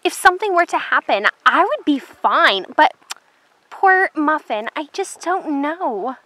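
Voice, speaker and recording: A woman's voice: high-pitched, very animated, measured pace, sharp tone, dry recording, full character voice, low-quality recording. A woman voicing a vain, haughty gray mare who calls herself a queen, in a toy horse drama. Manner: snooty, dramatic, complaining.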